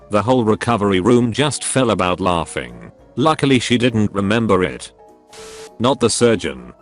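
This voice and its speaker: A man with a fairly low voice reads stories aloud as scripted narration, keeping a steady, even delivery that spells out abbreviations letter by letter. Soft music plays faintly underneath.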